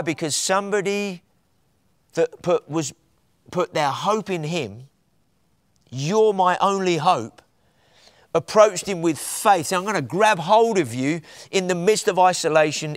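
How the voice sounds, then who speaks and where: A man's voice: on the high side, no echo. Man, preacher, passionate sermon, emphatic peaks, dry close sound.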